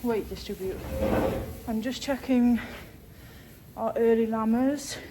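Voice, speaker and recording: A woman's voice: a little high, slow, dark tone, slight background noise. A woman, a sheep farmer, chatting casually with lots of ums while doing her chores outdoors. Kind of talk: casual farm vlog chat. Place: outdoors on a farm.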